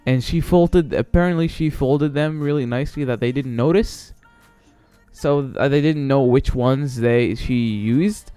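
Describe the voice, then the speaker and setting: A man's voice: medium pitch, a little slow, dark tone, clear, resonant tone, no echo. A man hosting his own solo podcast, rambling casually and swearing, with many fillers and restarts. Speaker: podcast host. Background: faint background music.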